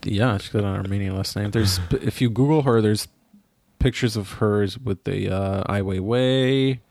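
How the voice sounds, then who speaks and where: American guy gossiping on a podcast, lowish voice, super dry close mic. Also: normal speed, gravelly, dry recording. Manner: chatty, gossipy, pitch jumps up when excited. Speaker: podcast co-host. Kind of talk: casual chat.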